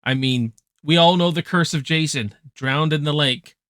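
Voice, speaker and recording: A young man giving a casual, excited film review, swearing freely and packed with slang. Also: a little high, moderate pace, dry recording, studio quality. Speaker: movie reviewer.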